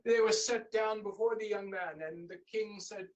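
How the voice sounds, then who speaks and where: A man telling a folktale in a lively, dramatic way. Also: high voice, moderate pace, hardly any pauses, far from the mic, poor audio. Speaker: storyteller. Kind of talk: expressive folktale storytelling. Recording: voice a bit off-mic.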